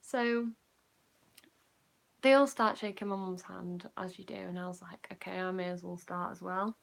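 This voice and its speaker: A young woman with a Yorkshire accent, telling a casual storytime, rambling with lots of "like" fillers and sinking quieter when she recalls feeling nervous. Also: on the low side, fairly even intonation, normal speed, vocal fry. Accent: Yorkshire English. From Yorkshire, England. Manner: chatty, rambling, many "like" fillers, drops quieter when recounting nerves. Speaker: vlogger.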